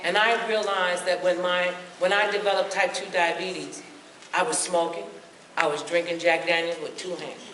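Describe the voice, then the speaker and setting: A woman's voice: lowish voice, normal speed. Sassy woman speaker in an echoey hall. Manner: sassy, lively, acts out voices. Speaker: motivational speaker. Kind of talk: humorous health talk to a live audience. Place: large hall with audience. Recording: echoey hall, mic from far off, noisy.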